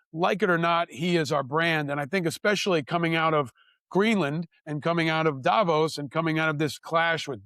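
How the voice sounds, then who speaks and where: A man's voice: fairly high pitch, a bit bright, no room sound, studio quality. A man hosting a podcast, earnestly building a long interview question with repeated phrases. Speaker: podcast host.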